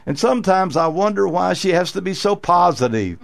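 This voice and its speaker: Pastor guy preaching, raspy gravelly voice, kinda high, earnest and repetitive. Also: expressive, brisk, hardly any pauses. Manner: earnest preaching with repeated phrases and fillers. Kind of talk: sermon. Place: radio church broadcast.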